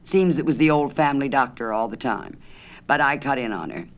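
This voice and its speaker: A man's voice: mid-range voice, lively intonation, fairly quick. A man narrating a humorous short story aloud in a wry, dry manner.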